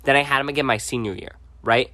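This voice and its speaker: A young man, a podcast co-host, telling high school stories in casual chat, laughing as he goes. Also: fairly even intonation, quick pace, pushed and bright, no room sound.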